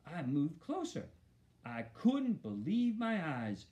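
A man narrating a children's novel in an expressive first-person storytelling voice. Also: a little high, takes it slowly. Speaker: audiobook narrator.

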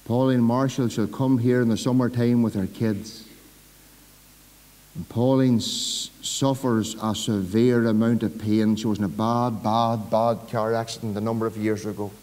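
A Northern Irish pastor preaching a sermon in a church, swinging from loud, emphatic calls to soft, low asides. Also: male voice, fairly even intonation, moderate pace, big-room sound, poor audio.

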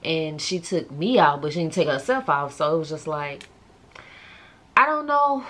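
A woman's voice: low-pitched, sing-song, normal speed, fairly bright tone. A woman chatting casually to her viewers in a vlog, talking straight to camera. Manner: subdued and emotional. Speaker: vlogger.

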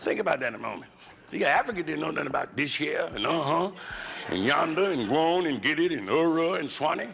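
A middle-aged man doing a raunchy stand-up routine on a comedy club stage with a handheld mic, drawling and swinging into loud shouted voices. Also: a little high, lively intonation, brisk, gravelly. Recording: loud hiss on an old live club recording.

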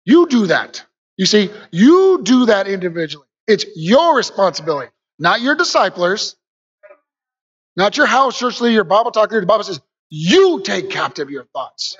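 A man preaching a lively sermon to a church congregation, calling out to them and rising to shouts. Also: sits high, normal speed, husky, muffled recording. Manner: energetic, call-and-response with congregation, rises to shouts.

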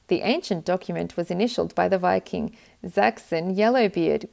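A woman reading a children's picture book aloud with gentle, expressive narration. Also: on the low side, moderate pace, vocal fry, hardly any pauses. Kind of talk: storybook read-aloud.

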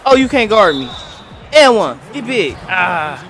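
A young man calls his basketball video game as he plays, his voice sitting high and swinging all over the place. He reacts in excited bursts and talks trash at the screen. Faint game music and arena crowd noise run underneath. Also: measured pace. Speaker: gaming commentator. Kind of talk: live gameplay commentary.

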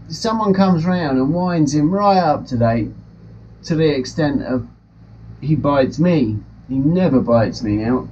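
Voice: medium pitch, expressive, unhurried, a little mellow. Giggly pet vlogger. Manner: chatty, rambling, frequent giggling. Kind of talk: casual chat to camera and parrot. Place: home room in front of a ring light. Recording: slightly dull with faint noise.

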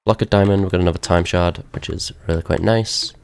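Low-voiced man muttering through a game. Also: fairly even intonation, a little fast, vocal fry, clear, resonant tone. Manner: rambling, self-talking, wry asides. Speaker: gaming video host. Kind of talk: let's play commentary.

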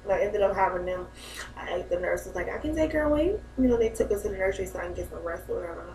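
A woman's voice: on the low side, fairly even intonation, racing, darkish tone, a little hiss or hum. A young mother, talking about her new baby in a heartfelt, rambling way and often laughing. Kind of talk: emotional personal vlog. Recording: echoey room, mic a bit far.

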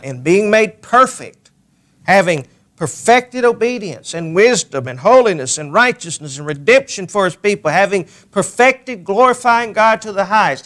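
A male pastor preaching a sermon, reading scripture aloud and pressing key words with slow emphasis. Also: high-pitched, fairly bright tone. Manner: reads scripture aloud in King James wording.

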